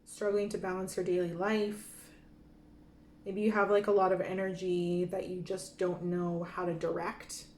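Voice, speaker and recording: A woman giving a gentle pick-a-card tarot reading who gets openly emotional and laughs softly. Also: on the low side, flat delivery, normal speed, a little hiss or hum. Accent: Michif-speaking Métis greeting and French sign-off. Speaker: tarot reader. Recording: echoey room with faint ambience.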